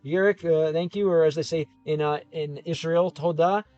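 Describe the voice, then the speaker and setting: A man's voice: on the high side, steady tone, moderate pace, a little mellow, no echo, muffled recording, soft background music. A man casually chatting on a livestream, reading out viewer comments and answering them with lots of fillers and restarts. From Ohio. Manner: chatty, thinks aloud with many fillers and restarts. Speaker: streamer.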